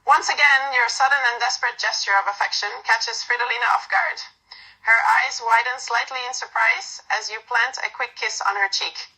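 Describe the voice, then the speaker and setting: A woman narrates a second-person romance with a soft, unhurried delivery. Her voice is bright and sits slightly high. Small slips show through now and then. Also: breathy edge, low-quality recording.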